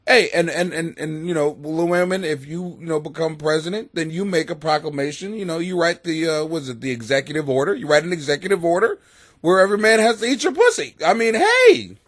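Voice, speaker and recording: A man with a somewhat high, very animated voice rants crudely from his basement, swearing freely and wandering from point to point. The sound is close and dry. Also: a little fast, no room sound. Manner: crude, blunt and rambling, with frequent swearing. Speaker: host. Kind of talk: profane comedic rant to camera. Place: home basement.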